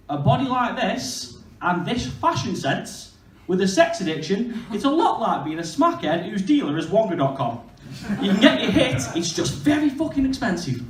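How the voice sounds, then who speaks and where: Lively high-voiced comedian. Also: male voice, background noise. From Stoke-on-Trent, England. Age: 20s. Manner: crude, self-mocking storytelling. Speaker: stand-up comedian. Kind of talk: stand-up comedy set. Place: comedy venue stage. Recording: echoey venue heard from far off.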